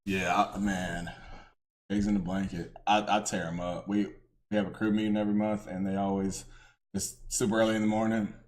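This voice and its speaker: A man's voice: on the low side, level tone, moderate pace, a little mellow. A Texan man hosting a podcast, telling a story in casual slang and laughing a lot. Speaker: podcast host. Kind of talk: casual chat. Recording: roomy echo.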